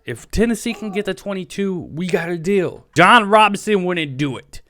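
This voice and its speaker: A man hosting a fan sports podcast, talking in an excitable, emotional, pleading rant. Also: sits high, normal speed, dry recording, clean studio sound. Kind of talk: solo fan podcast commentary.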